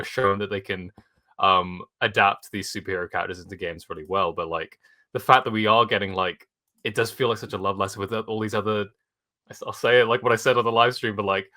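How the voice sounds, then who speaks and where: A man co-hosts a gaming podcast in casual chat. His voice is fairly low but bright and forceful, and he rambles eagerly, full of fillers and restarts. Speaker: podcast co-host.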